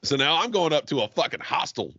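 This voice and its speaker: Lively, profane male comedian host. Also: fast talker, dry recording, muffled recording. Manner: profane storytelling, laughs often, lively swings in pitch. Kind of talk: casual podcast banter.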